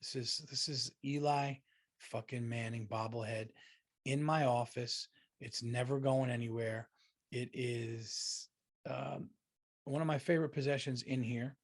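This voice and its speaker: A man hosting his own podcast, talking alone from his office in a heated, profane rant. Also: medium pitch. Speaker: podcast host and comedian.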